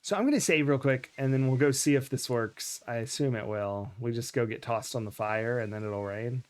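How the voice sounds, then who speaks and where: A man's voice: mid-range voice, moderate pace. A man streaming a game live, chatting casually and poking fun at himself while thanking viewers.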